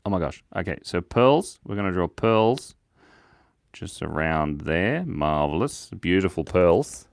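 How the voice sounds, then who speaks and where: Man, live drawing stream host, playful, giggly, animated intonation, dry sound. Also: sits low, a little slow, gravelly, no echo. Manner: playful, reads chat comments aloud, giggles often. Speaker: livestream host drawing with chat. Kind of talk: casual live-stream chat.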